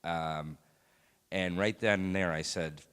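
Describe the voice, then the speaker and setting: Deep-voiced man giving a halting church testimony. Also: fairly even intonation, a bit bright, clear, resonant tone. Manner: halting, reflective, many pauses and fillers. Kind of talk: personal faith testimony. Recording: long hall reverb.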